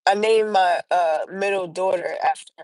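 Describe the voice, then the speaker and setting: This woman hosts a livestream and rambles casually through personal stories, with plenty of fillers and restarts. Her voice sits on the low side, a little mellow, at normal speed, and the audio is poor but echo-free.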